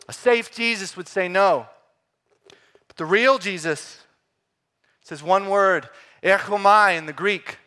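A man preaching a sermon, swinging between loud emphatic lines and quiet, hushed ones. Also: high voice, unhurried, pauses often.

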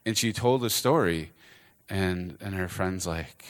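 A man with a fairly low voice preaches from the front, telling a story. He acts out each character's lines with animated energy, his pitch jumping up for the quoted exchanges. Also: a little slow. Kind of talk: storytelling sermon.

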